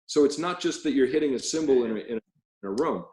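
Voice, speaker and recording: Roomy-sounding man telling lively stories. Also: mid-range voice, fast talker. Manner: animated anecdotes with laughter. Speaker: cymbal company president, guest. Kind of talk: storytelling in casual interview.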